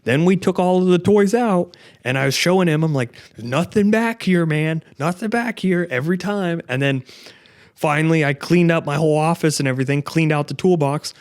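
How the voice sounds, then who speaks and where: A man's voice: a little high, fairly quick, a little mellow, clean tone, no room sound. A young man hosting a podcast from his home garage office, rambling casually and swearing often, tossing in "bro" and "dude". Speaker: podcast host. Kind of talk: casual chat. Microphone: directional podcast mic.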